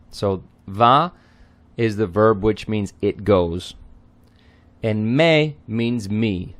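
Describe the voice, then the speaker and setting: A man with a lowish voice talks slowly through song lyrics, line by line, in a tutoring tone. He hesitates often, with ums and throat clearing, and never hurries.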